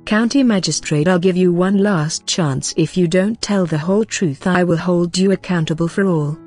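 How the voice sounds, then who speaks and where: A narrator reading as a calm, stern prince regent. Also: mid-range voice, normal speed, faint music behind, lightly acted.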